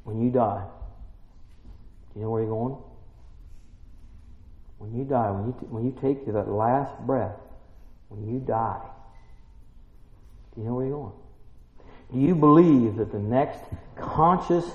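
A man preaching a sermon, emphatic and full of rhetorical questions, building to excited peaks. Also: medium pitch, a little slow, long pauses. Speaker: pastor. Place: church. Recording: roomy church, dull lo-fi sound.

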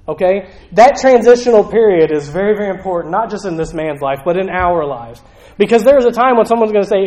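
A man's voice: sits high, a little fast, darkish tone, poor audio. A man preaching a casual sermon, conversational, acting out little voices as he tells the story.

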